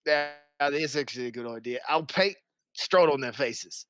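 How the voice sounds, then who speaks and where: A player in a tabletop game, excitable, often laughing and swearing. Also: mid-range voice, normal speed. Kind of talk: casual tabletop game play.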